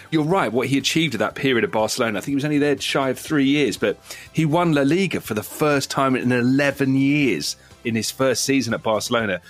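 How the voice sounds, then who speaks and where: A man co-hosting a podcast in casual chat, telling anecdotes in an animated way and laughing as he goes. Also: mid-range voice.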